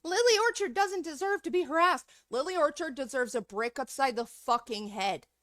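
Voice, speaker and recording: A woman's voice: high voice, expressive, moderate pace, a bit bright, no room sound, studio quality. A woman streamer in a heated, profanity-filled rant, angry throughout. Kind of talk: livestream rant.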